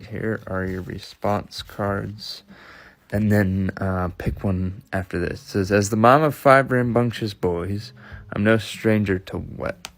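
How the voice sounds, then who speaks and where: A man's voice: lowish voice, steady tone, slow. A man casually reading out party game cards, hesitant and full of fillers.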